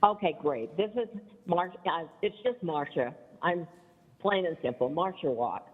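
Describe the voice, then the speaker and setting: A woman's voice: fairly low pitch, animated, measured pace, breathy edge. A woman in her seventies making an emphatic, defiant public comment at a council meeting, calling in remotely. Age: 70s. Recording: tinny phone line played into a reverberant hall.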